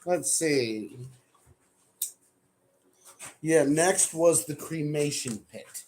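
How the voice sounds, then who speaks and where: A man's voice: fairly high pitch, extremely slow, a little mellow, a little hiss or hum. A man running a tabletop game, casually prompting players through a recap. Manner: laid-back, prompting and teasing. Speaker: game master.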